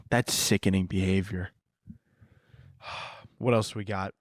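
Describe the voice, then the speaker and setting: A young man hosting a podcast, ranting in a profane, animated way with bursts of shouting and laughter. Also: low voice, unhurried, no room sound, clean studio sound. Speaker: podcast host. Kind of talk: solo comedic ranting.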